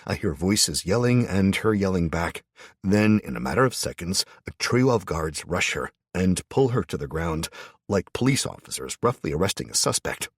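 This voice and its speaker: A man's voice: low voice, big pitch swings, normal speed, husky, no room sound, clean studio sound. A man narrating a first-person audiobook in a tense, wry manner.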